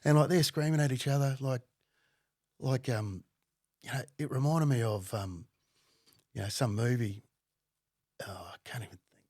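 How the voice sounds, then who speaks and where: A man's voice: mid-range voice, normal speed, pauses often, no room sound, studio quality. Swearing man telling a wild story. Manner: profane, animated, laughing. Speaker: podcast guest. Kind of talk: casual storytelling.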